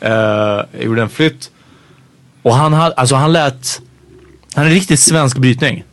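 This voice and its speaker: Halting, quick-talking male podcast host. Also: medium pitch. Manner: quick, halting, restarts and corrects himself. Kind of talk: casual chat.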